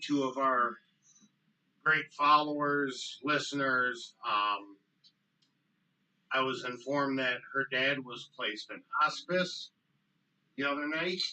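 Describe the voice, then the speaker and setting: A man's voice: medium pitch, pushed and bright. Man hosting a podcast, choked up, lots of ums, kinda far from the mic. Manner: choked up, halting with many ums. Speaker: podcast co-host. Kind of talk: casual chat.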